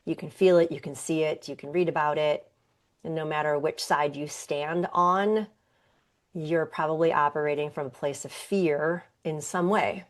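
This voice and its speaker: A woman with a low-pitched voice hosts a wellness podcast as a yoga teacher. She talks earnestly and conversationally, as if speaking to her class. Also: fairly even intonation, moderate pace. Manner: earnest, conversational, with occasional laughs. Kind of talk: reflective wellness talk.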